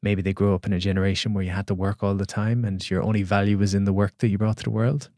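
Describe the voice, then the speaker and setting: Male podcast guest, low voice, thoughtful storyteller, dry close sound. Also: flat delivery, fast talker, a little mellow, no room sound. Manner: reflective, storytelling, many restarts. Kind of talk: casual podcast conversation.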